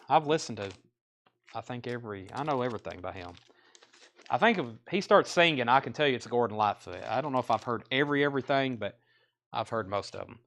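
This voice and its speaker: A man with a Southern US twang hosts a live record sale. He moves quickly through album titles and prices in loose, casual patter. He drops in offhand, chatty comments between sales. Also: medium pitch, a bit bright.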